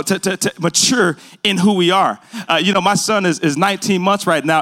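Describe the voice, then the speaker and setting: A man's voice: high voice, fairly bright tone. A young adult man preaching a sermon, earnest and building to emphatic delivery.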